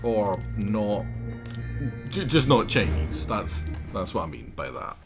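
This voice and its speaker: Man, low voice, slow drawl, thinking aloud, live game commentary, faint music behind. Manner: muttering to himself, thinking aloud, bursts of excitement. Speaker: streamer.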